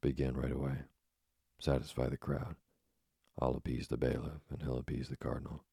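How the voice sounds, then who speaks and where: A man reading the part of an eager, confident young male poet in a sleep story, speaking calmly and assuredly. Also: rumbling low, normal speed, gravelly, slightly rough, dry recording, clean studio sound, heavily acted.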